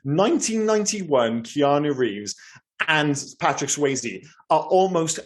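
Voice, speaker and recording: A man talking about films on a podcast with easy, casual enthusiasm. His voice sits a little higher than most men's. He rambles and gushes, circling back on his own sentences. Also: big pitch swings, slow pace. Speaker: podcast co-host. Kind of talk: casual film chat.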